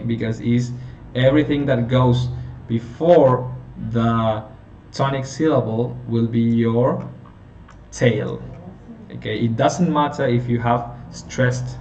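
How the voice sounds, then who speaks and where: A man teaching a phonetics lesson, explaining slowly and checking in with his listeners. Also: mid-range voice, a little mellow. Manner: slow, explanatory, checking in with "okay?". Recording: roomy, distant, dull lo-fi sound with faint hiss.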